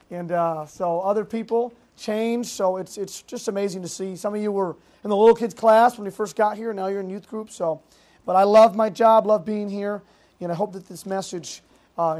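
A youth pastor from Massachusetts preaching to teenagers, telling stories in a lively way with fillers and quick asides. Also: medium pitch. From Massachusetts, United States. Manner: lively storytelling with fillers and self-interrupting asides. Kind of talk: youth group sermon.

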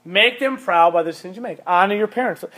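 High-voiced, blunt male youth preacher. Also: fast, bright, forceful tone. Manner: emphatic, repetitive, blunt. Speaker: youth pastor. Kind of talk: sermon to young people.

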